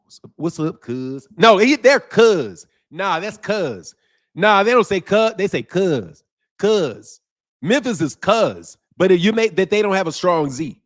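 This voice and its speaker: A man's voice: high-pitched, very animated, unhurried. A man from Chicago hosting a casual livestream, talking in loose slang, laughing often and imitating regional greetings. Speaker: boxing channel host. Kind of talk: casual livestream chat with viewers.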